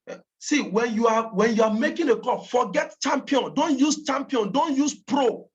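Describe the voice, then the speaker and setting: A woman with a Nigerian accent gives a motivational training talk to campaign callers, emphatic and repeating her points for stress. Her voice sits high, at a normal speed with hardly any pauses, in a dull lo-fi recording.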